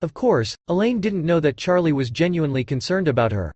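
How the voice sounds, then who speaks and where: A man narrating an audiobook in a steady storytelling read. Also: on the high side, a little fast, no echo, highs cut off. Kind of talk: scripted narration.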